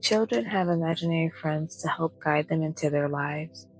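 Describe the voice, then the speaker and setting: A woman reading the lines of a tender, sorrowful male imaginary friend in a soft-spoken bedtime story. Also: deep voice, moderate pace, faint music behind, close to an everyday voice, low-quality recording. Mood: gentle.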